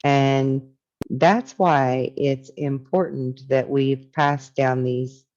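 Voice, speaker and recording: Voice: medium pitch, fairly even intonation, extremely slow, a little mellow, lo-fi sound. A spiritual teacher talking casually and reflectively, reading from a book and musing on its ideas.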